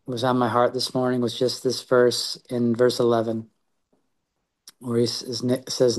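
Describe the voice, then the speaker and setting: A man leading a small Bible study, reading scripture aloud and then reflecting on it in an earnest way. He talks haltingly, often repeating a word or starting a phrase over. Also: mid-range voice, darkish tone. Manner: halting, with frequent repeated words and restarts.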